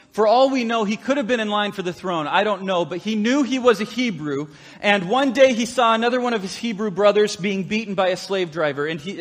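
A man preaching a sermon to his congregation, telling a story in a lively, conversational way. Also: high-pitched. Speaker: pastor. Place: church sanctuary. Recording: long hall reverb.

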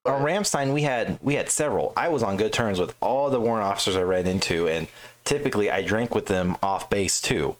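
Deep-voiced, profane storytelling man. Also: fairly quick. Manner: profane, animated storyteller who jumps high when quoting others. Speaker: Air Force veteran telling stories. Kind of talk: casual podcast chat.

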